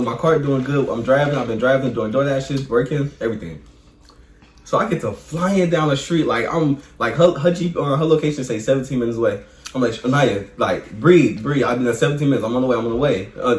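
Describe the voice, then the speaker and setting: A young man joining a vlog as co-host, telling a story in a relaxed, slangy way with laughs. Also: mid-range voice. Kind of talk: casual storytelling. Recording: echoey room with faint hum.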